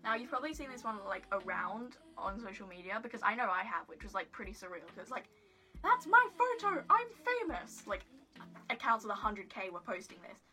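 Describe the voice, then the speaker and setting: Over music, a vlogger with a mid-range voice talks fast as she tells her phone camera a story. She giggles and rambles, leaning heavily on "like" and throwing in self-deprecating remarks.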